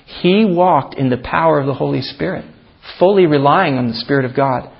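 A man's voice: on the high side, normal speed, gravelly, slightly rough. A man preaching a sermon as pastor, reading scripture aloud with emphatic, rising delivery. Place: church. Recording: dull archived church recording.

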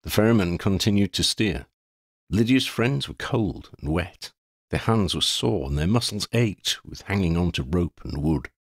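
A man reads a storybook aloud in a dramatic, measured way. His voice is low with a lively, varied pitch, and it is recorded close and dry. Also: no echo. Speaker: audiobook reader. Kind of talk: storybook narration.

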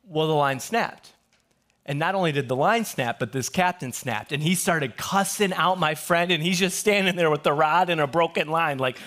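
A man pastor giving a sermon to his church, telling jokey stories with quick asides before reading scripture. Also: fairly high pitch, animated, a bit bright. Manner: joking storyteller, quick asides. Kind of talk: humorous sermon.

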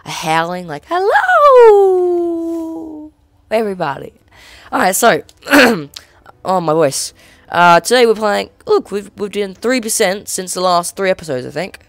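A woman hosting a casual let's play with excitable, chatty commentary. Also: medium pitch, no room sound. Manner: excitable, chatty, quick reactions. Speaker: gaming channel host. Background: faint game music.

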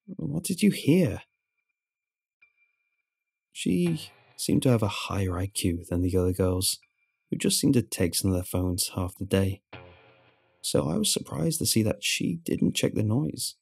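A man narrating a first-person horror story in a low, measured storytelling delivery. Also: very animated, creaky, husky, no echo. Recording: soft music underneath.

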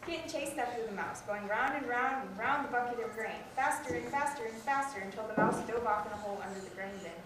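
A woman reading a children's story aloud with lively expression at a school program. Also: fairly high pitch, fast talker, few pauses. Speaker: student reader. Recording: echoey hall from far off, noisy.

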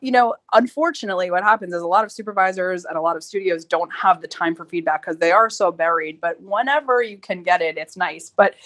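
A woman moderating an online music panel, chatty and lively. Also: on the low side, fast, hardly any pauses. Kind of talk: casual panel talk.

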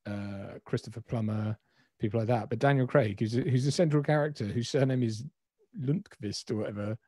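A man's voice: mid-range voice, normal speed, dark tone, slightly rough, no echo, studio quality. A man co-hosting a live stream, chatting enthusiastically and laughing often. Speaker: stream co-host. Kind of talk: casual chat on a live stream.

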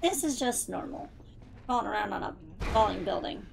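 A woman's voice: medium pitch, expressive, moderate pace, creaky, heavy background noise. A woman streaming a game live, chatty and gushing, thanking viewers emotionally. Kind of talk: live gaming stream commentary.

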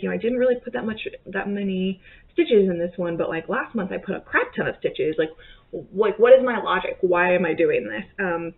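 A woman's voice: lowish voice, creaky, phone-quality sound. A woman from southern Indiana with a slight Southern accent, chatting casually and rambling with many fillers in a cross-stitch vlog. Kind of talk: casual chat.

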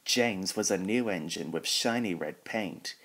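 A man with a very low voice reads a children's storybook aloud at an unhurried pace. He voices every character himself without changing his voice much. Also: a bit bright, breathy edge.

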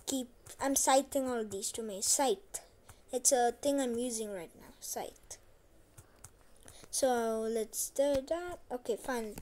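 High-voiced chatty woman playing a game. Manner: chatty, repeats herself, trying to speak loudly. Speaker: gameplay commentator. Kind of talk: casual gameplay commentary.

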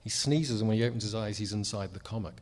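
New Zealand man, low voice, self-deprecating panel guest. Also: fast. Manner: self-deprecating, wry, chatty with many fillers. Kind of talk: panel conversation. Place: convention panel room.

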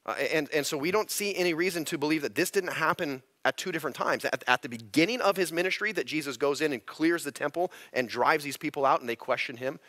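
A man's voice: on the high side, quick pace, hardly any pauses, a bit bright, no room sound, studio quality. A male pastor teaching through scripture in a conversational sermon, often repeating words as he restarts his thoughts. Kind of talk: expository sermon. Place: church sanctuary.

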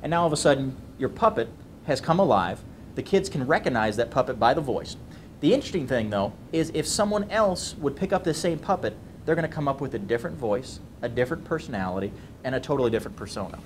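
Man, deep bass voice, puppetry trainer, casual instruction. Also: animated, fast talker, slight background noise. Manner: casual, demonstrating, many ums. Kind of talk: instructional talk.

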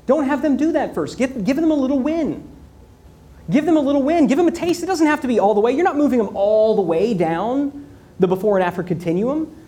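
Man, keynote speaker, higher voice, energetic, rhetorical, repeats for emphasis. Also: a little fast. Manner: animated storytelling with rhetorical questions and repetition. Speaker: conference speaker.

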